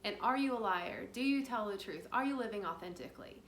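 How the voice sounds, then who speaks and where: A woman's voice: mid-range voice, lively intonation, a little fast, a bit bright, lightly acted. A woman voicing her own wise inner voice, teasing and probing, in a roomy space. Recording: roomy with faint background noise.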